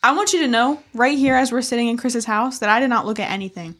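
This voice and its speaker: A woman's voice: a little high, fast talker, a bit bright. A woman, co-hosting a podcast and telling a story with lots of laughing and swearing. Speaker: podcast co-host. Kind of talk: casual chat.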